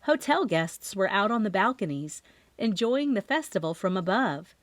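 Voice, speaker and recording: A woman reads a cozy mystery aloud in the first person, her pitch rising and falling with lively expression. Her voice sits in a middle register. The recording is dry and close, with no room sound behind her. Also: moderate pace, dry recording. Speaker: audiobook narrator. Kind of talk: scripted narration.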